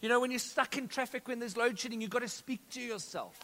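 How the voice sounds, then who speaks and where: A man preaching a sermon as pastor, energetic, calling out to the congregation and telling stories. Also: very high voice, quick pace, a little hiss or hum. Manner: energetic preaching with audience call-outs and storytelling. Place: church auditorium. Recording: long reverb of a church hall.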